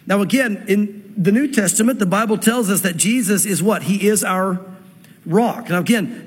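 A man preaching a sermon to a church audience. He reads scripture slowly and then explains it in quick asides. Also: sits high, husky, long reverb tail. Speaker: pastor.

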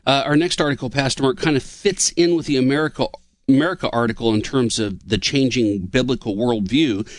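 A man co-hosting a talk show, introducing news articles in a plain, measured way with some hesitation. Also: medium pitch, dry recording. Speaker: co-host. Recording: music bed under voice.

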